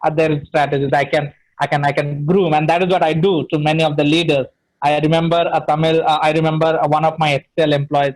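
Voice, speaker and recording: A man's voice: fairly high pitch, little pitch movement, quick pace, poor audio. A middle-aged man with an Indian English accent, giving an online training session on speaking, emphatic and full of "you know" fillers.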